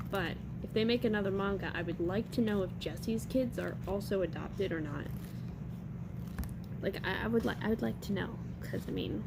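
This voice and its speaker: A woman's voice: medium pitch, gravelly, very noisy. Chatty young woman reviewing a manga. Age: young adult. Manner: chatty and rambling, with restarts and fillers. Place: college dorm room.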